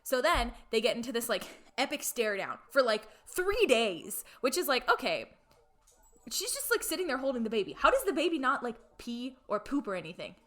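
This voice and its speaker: A woman's voice: on the high side, big pitch swings, normal speed, a bit bright. A young woman co-hosting a podcast, retelling a film plot in a chatty way with lots of fillers and acted-out lines. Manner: chatty, filler-heavy, acts out characters' lines. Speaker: podcast co-host.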